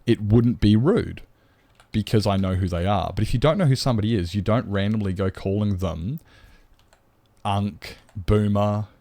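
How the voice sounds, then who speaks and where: A man's voice: fairly low pitch, moderate pace, warm tone, no room sound. An Australian man chatting bluntly and swearing to viewers during a casual live stream. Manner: blunt and sweary, rambling, chats to viewers while gaming.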